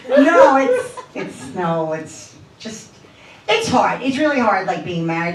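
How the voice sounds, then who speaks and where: Animated middle-aged woman doing stand-up. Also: a little high, background noise. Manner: animated, sardonic storytelling. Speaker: stand-up comedian. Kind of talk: stand-up comedy set. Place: comedy club stage with audience. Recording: roomy club, distant mic, crowd laughter.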